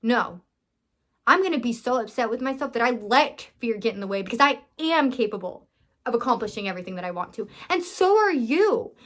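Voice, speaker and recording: Speaking a little fast with lively intonation, a young female vlogger addresses her viewers earnestly and emotionally, restarting often as she rambles. She's also a business owner, and her fairly bright voice sits on the high side.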